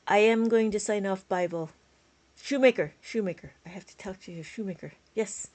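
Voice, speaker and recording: Brief: tired woman tutor on a live stream, chatty, laughs easily, counts out steps, mid-pitched voice. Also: moderate pace, a little mellow. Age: adult with a school-age child. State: tired, yawning. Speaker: abacus teacher. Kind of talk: live-stream math lesson, chatting with viewers.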